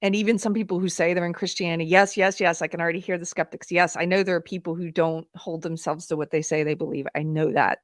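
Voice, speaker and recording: A woman hosting a live talk show, telling a personal story in a candid, animated way with fillers and laughs, at times close to tears. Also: lowish voice, quick pace, hardly any pauses, dry recording. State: emotional, near tears. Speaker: podcast host. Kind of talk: live-streamed commentary, personal anecdote.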